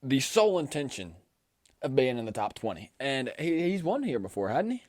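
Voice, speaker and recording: A man's voice: medium pitch, big pitch swings, moderate pace, darkish tone, no echo, clean studio sound. A young man co-hosting a casual golf podcast, chatty and informal, laughing easily with his co-host. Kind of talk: casual sports chat.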